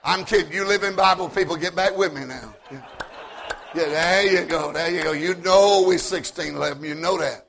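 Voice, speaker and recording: A man preaching a sermon in a folksy, joking way, repeating words as he builds up and rising to shouts at his high points. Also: normal speed, creaky, a little hiss or hum. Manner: repeats words when starting sentences.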